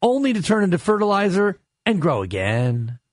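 Playful high-voiced radio man. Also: wildly swooping pitch, normal speed, dry recording, clean studio sound. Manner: playful, spins out wordplay. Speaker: sports radio co-host. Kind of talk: sports talk radio banter. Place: radio studio.

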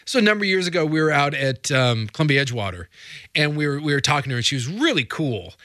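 A man co-hosting a casual chat, telling stories in an animated way and leaping up in pitch when he acts out quotes. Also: fast talker, no echo, studio quality. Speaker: co-host.

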